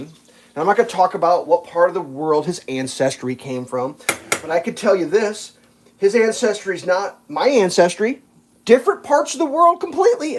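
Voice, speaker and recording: A man's voice: high-pitched, slight background noise. A man hosting a live stream, casually telling a long, exasperated story in a rambling, profane way. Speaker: livestream host.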